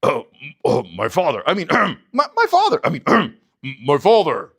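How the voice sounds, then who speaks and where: A man's voice: on the high side, wildly swooping pitch, a little slow, fairly bright tone, husky, heavily acted. A man voicing a nervous young man who stammers while pretending to be his brother. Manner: stammering, hesitant.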